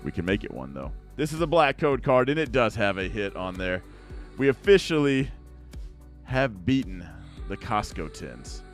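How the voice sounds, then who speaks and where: A young man chatting casually to viewers as he opens card packs, rambling along and now and then breaking into excited outbursts. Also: on the low side, moderate pace, soft background music. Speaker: card-opening YouTuber. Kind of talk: casual pack-opening chat to viewers.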